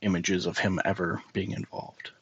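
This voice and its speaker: A man narrating a tabletop game as game master, in a measured, descriptive way. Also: deep voice, little pitch movement, vocal fry, fairly bright tone, breathy edge, highs cut off.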